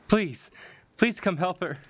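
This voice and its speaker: A man doing a high pleading young woman. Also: lively intonation, takes it slowly, a little hiss or hum.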